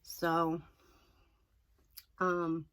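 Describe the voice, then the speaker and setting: A young woman chatting through a makeup tutorial, rambling and self-deprecating, a little hoarse. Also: lowish voice, monotone, drawn-out words, a bit bright. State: slightly hoarse, losing her voice. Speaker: makeup vlogger.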